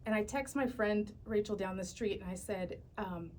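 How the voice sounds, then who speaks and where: A woman in her thirties, recorded in a radio studio, tells a personal story on a morning talk show. Her voice sits at a middle pitch, and she talks with lively, animated energy. A faint hiss runs under her voice. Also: moderate pace. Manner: animated, lively storyteller, laughs while telling. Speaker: radio station graphic designer, guest.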